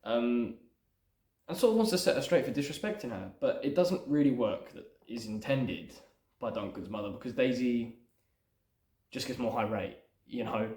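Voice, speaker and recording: A man's voice: mid-range voice, lively intonation, moderate pace, a little mellow. A man hosting his own channel, casually breaking down a film script he is writing in a loose, rambling way full of "sort of" and "you know". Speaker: screenwriter and channel host. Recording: roomy echo.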